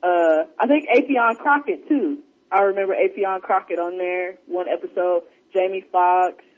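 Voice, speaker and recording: A man on a podcast in casual chat, telling stories with lots of energy and acting out what people said. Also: moderate pace. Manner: animated storyteller, acts out quotes in a higher voice. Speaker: podcast co-host. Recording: dull lo-fi sound.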